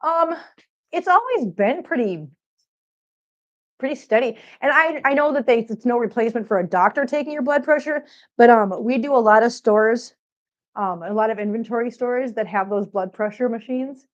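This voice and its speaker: A woman's voice: fairly high pitch, normal speed, muffled recording. A woman chatting casually on a cat-care livestream, rambling and answering viewers while she cleans, a little out of breath. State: a bit out of breath. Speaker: cat channel vlogger.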